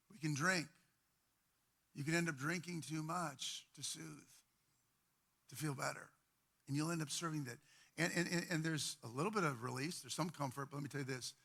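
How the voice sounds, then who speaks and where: Man, pastor, church sermon, conversational preaching, soft intimate drops, fairly high pitch. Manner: conversational preaching, with repeated phrases and sudden drops to quiet, intimate tones.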